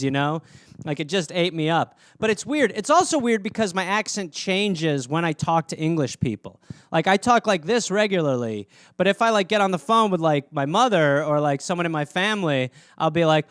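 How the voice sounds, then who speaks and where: A man's voice: on the high side, animated, normal speed, a bit bright, clear, resonant tone, no room sound, studio quality. A man from Wisconsin with an American Midwestern accent, hosting a casual solo chat in a rambling, profane, self-mocking way. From Wisconsin, USA. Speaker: comedian host answering fan questions.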